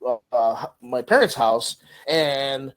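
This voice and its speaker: A middle-aged podcast co-host talks slowly in a mid-range voice during a casual conversation. Animated as a storyteller, he acts out voices and also asks questions.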